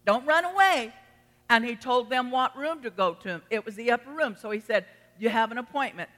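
A woman's voice: fairly high pitch, a little fast, fairly bright tone, long reverb tail. An older woman preaching a sermon in a folksy, emphatic way that rises to fervent exclamations.

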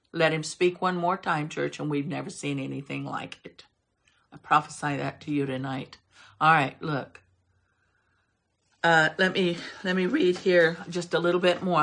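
A woman preaching in a church with fervent conviction. Her voice is bright and pointed, and she reads scripture aloud with swelling emphasis. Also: sits low. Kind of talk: sermon.

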